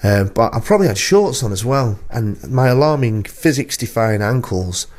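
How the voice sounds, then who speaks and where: A male radio presenter who rambles through his anecdotes and pokes fun at himself. His pitch bounces around a lot as he talks, and it sits at an ordinary middle height. The sound is close and clean, from a studio mic. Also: expressive, moderate pace, a little mellow. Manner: rambling, self-deprecating storyteller. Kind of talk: casual radio chat.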